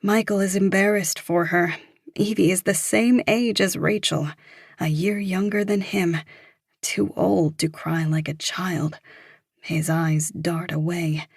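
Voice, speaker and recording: A woman narrating a thriller audiobook in a measured, even storytelling manner. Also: lowish voice, creaky, breathy edge, dry recording, studio quality.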